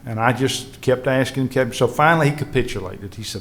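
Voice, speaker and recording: This man, a state legislative leader, tells earnest anecdotes to a history panel audience, animatedly acting out what his colleagues said. His voice is medium-pitched and a little fast.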